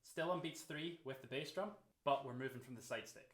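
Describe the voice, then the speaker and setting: A man's voice: mid-range voice, fairly quick. Man explaining drum grooves. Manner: steady, counts beats aloud. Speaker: drum teacher. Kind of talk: instructional explanation. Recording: roomy echo.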